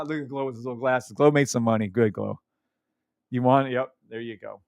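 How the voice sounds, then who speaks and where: A man's voice: medium pitch, steady tone, moderate pace, gravelly, dry recording, studio quality. A man hosting a live trading stream, explaining charts in a hyped, teasing chat with his viewers and humming along.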